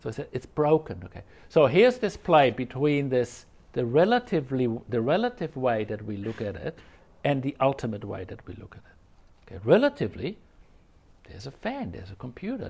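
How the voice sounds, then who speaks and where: Guy with a husky gravelly voice talking thru a zen koan, pitch jumps around a lot, chatty. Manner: animated, conversational, acts out quotes. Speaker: Zen teacher. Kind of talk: dharma talk on a koan.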